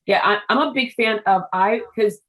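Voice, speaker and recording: A woman's voice: mid-range voice, normal speed, a bit bright, poor audio. A woman hosting a business interview show, chatting casually and telling family stories with many asides and restarts. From Haitian family background. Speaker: show host.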